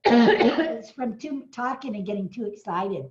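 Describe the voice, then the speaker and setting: An excitable woman, a speaker trainer hosting a live webinar, delivers an enthusiastic sales pitch over a video call, speaking unhurriedly with lo-fi sound. She's slightly hoarse and coughs, breaks into bursts of cheering, and uses frequent fillers.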